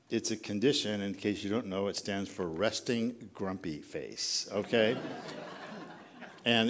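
Middle-aged male pastor, sermon delivery, chatty and self-deprecating, slightly low voice. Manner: conversational and self-deprecating, often asks the congregation questions.

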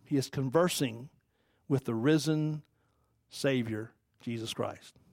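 A man's voice: medium pitch, slow, dry recording, studio quality. Chatty preacher man teaching from scripture. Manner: conversational, animated, asks the audience questions. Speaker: pastor. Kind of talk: casual Bible-teaching sermon.

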